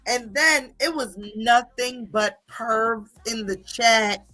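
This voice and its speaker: A woman hosting a livestream, gossiping and reading chat in a loud, profane, laughing manner. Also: fairly high pitch, slow pace, soft background music. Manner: animated, profane, laughing often. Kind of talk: casual gossip commentary.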